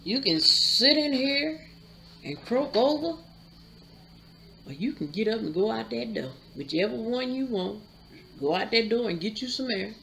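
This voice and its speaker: A man's voice: very high voice, sing-song, measured pace, vocal fry, sharp tone, a little hiss or hum, exaggerated voice. A woman voicing a hostile, controlling father who mutters threats, in a casual story retelling. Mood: commanding. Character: menacing middle-aged father, hostile and controlling.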